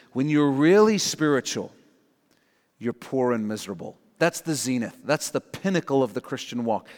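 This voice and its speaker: A man's voice: medium pitch, big-room sound. A man preaching a sermon as pastor, earnest and emphatic, repeating his key lines for the congregation.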